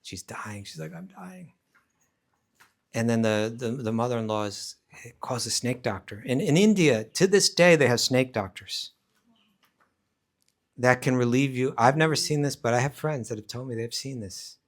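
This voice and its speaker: A man's voice: medium pitch, moderate pace. A man, a spiritual teacher, leading a scripture class, telling a story casually and animatedly. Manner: animated, casual, acts out voices. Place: class at a rural eco village.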